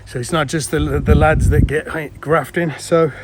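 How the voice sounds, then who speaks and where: A pond builder vlogs his project outdoors on a building site, his voice a little high, fairly flat in pitch and a little slow. There's background noise and music playing under him. He talks casually to viewers as he works, addressing them as guys and swearing mildly.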